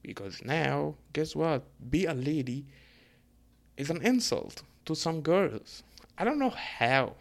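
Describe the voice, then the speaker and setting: A man's voice: fairly high pitch, animated, slow pace, gravelly. Male vlogger, casual rant, blunt and profane, heated delivery. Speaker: vlogger answering comments.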